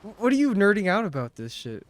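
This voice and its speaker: Game music plays behind a man's high-pitched, fast voice that swings widely in pitch. He's casually chatting on a live stream while gaming, swearing heavily, ranting animatedly and laughing.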